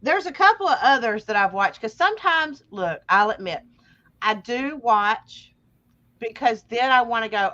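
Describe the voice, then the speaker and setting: A woman's voice: on the high side, lively intonation, normal speed, bright, forceful tone, highs cut off. A woman co-hosting a live show, chatting candidly with plenty of fillers. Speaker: co-host. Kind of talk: casual chat.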